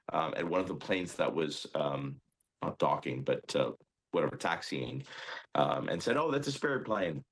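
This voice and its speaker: A man telling what happened in an interview, hesitant, with many pauses and ums. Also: sits low. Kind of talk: recounting an incident in an interview.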